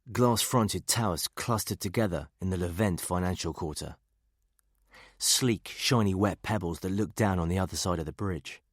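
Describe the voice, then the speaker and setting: A man reading a thriller audiobook in a steady, measured narration. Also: low-pitched, no echo, studio quality. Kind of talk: scripted narration.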